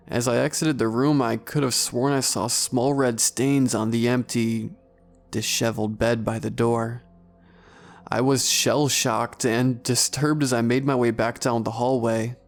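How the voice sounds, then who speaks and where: A man giving a scripted first-person horror narration in a measured storytelling manner. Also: mid-range voice, gravelly.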